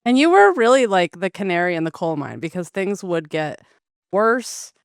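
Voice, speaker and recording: A woman podcast host with a smooth, fairly low voice. She asks probing follow-up questions and answers with brief affirmations. The sound is dry and close. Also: very animated, moderate pace, no echo. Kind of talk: conversational interview.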